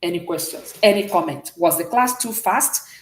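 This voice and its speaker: A woman teaching beginners in an online class, her pitch rising and falling as she explains step by step. She often checks that her students are following. Her voice carries a noticeable room echo. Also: animated, normal speed. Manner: explains patiently, checks in with "okay?". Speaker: French teacher.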